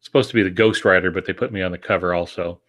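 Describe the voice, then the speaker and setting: An older man co-hosting a writing podcast, speaking in a measured, teacherly way with dry wit. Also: sits low, a bit bright. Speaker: podcast co-host, writer. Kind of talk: casual podcast chat.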